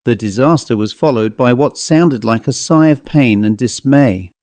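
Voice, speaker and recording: A man narrating a ghost story as an audiobook reader, in a measured, even way. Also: mid-range voice, dry recording. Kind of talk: scripted narration.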